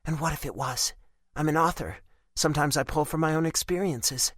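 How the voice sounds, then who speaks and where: A man's voice: a little high, fairly quick, a bit bright, dry recording, clean studio sound, voice pushed up. A man voicing a flustered, defiant young woman in a raised, indignant voice in an audiobook.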